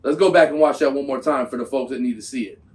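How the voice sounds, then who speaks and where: A man hosting a reaction video, speaking casually with loose, slangy, animated talk. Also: mid-range voice, fast, recorded from a distance. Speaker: host reacting to a trade video.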